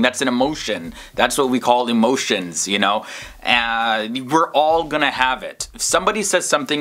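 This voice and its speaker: A man hosting a reaction video, talking through his thoughts in a relaxed, reflective way with lots of asides. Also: on the high side. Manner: reflective, musing, frequent you knows. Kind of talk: casual commentary.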